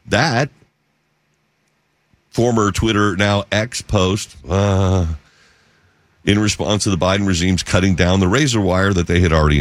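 Low-voiced radio guy ranting thru the news, leans hard on the numbers, studio mic. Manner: emphatic, reads figures slowly for stress. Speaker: talk radio host. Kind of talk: talk radio news monologue.

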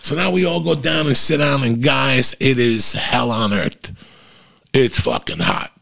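A middle-aged man hosting a show, telling a story in casual, profane, animated chat to his listeners. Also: medium pitch, unhurried, creaky. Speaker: podcast host.

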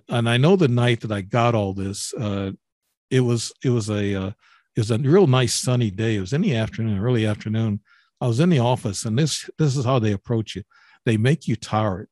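A man in his seventies from Illinois, a guest on an interview, telling his own story in a halting way with many repeated words and restarts. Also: mid-range voice, darkish tone, no room sound, studio quality. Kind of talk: interview, personal account.

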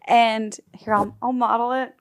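A woman podcast co-host, hoarse from a cold, chatting in an excitable way. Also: fairly high pitch, unhurried, no room sound, clean studio sound. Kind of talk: casual chat.

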